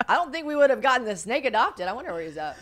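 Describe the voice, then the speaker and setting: A woman hosting a podcast, chatting casually and telling stories with lively acted-out exchanges. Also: fairly high pitch, very fast, crowd noise. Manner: animated storytelling, acting out both sides of a scene. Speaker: podcast host. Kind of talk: casual chat.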